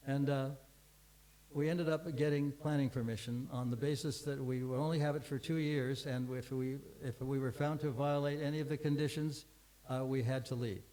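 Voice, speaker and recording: A man's voice: medium pitch, mellow, low-quality recording. An older man giving a scripture class, telling a long story in a rambling way with many restarts and fillers.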